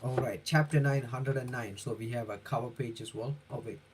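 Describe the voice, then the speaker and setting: A man live-streaming his reaction to a comic chapter, reading it aloud haltingly and correcting himself as he comments. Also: mid-range voice, steady tone, very noisy. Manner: halting, with frequent self-corrections.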